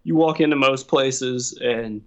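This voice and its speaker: Profane storyteller, lo-fi sound. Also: male voice, mid-range voice, measured pace. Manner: profane, storytelling, laughs often. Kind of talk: casual chat. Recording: dull lo-fi sound.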